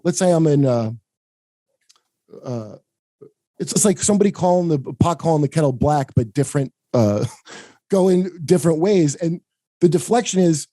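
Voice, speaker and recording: A man's voice: dark tone, no room sound. A man hosting a podcast, rambling and profane in casual chat, often laughing and mimicking people. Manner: mimics people in higher voices. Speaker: podcast host.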